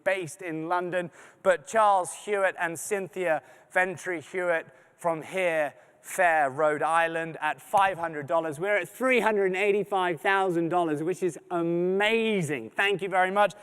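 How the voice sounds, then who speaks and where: High-voiced man hosting a charity appeal. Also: unhurried, fairly bright tone, smooth, long reverb tail. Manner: reads donor names, thanks them, joking asides. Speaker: fundraising appeal host. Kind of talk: live charity donation appeal. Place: large arts center venue.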